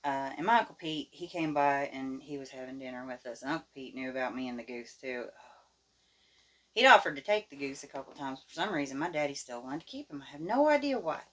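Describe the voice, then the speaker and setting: A woman telling a childhood story in a folksy, animated, plain-spoken way. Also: very deep voice, brisk. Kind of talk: casual storytelling.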